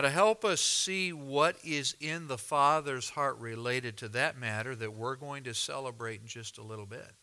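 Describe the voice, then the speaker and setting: A man preaching a sermon, reading scripture aloud and explaining it with deliberate, dramatic pauses. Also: medium pitch, sharp tone, smooth. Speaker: pastor.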